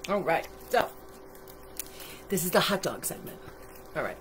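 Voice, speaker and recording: A woman's voice: on the low side, animated, a little slow, fairly bright tone, slight background noise. A woman reading a picture book aloud to children on a livestream, chatty and asking her listeners questions, through a computer microphone. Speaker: storytime reader.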